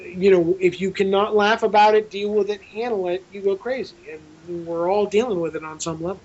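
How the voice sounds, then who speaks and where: A man, a film director being interviewed, telling a rambling, animated story with frequent restarts. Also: high-pitched, brisk, lo-fi sound.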